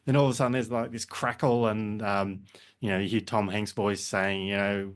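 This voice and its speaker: A man's voice: on the low side, flat delivery, moderate pace. A man co-hosting a podcast, retelling film scenes in casual chat. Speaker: podcast co-host.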